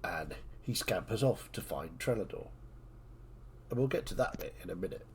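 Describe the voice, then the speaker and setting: A low-pitched man runs a tabletop game, his voice rising and falling a lot as he narrates. He sounds easygoing and loose, with plenty of ums and uhs, over faint background hiss. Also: lively intonation, moderate pace. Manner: easygoing, filler-heavy narration. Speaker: game master.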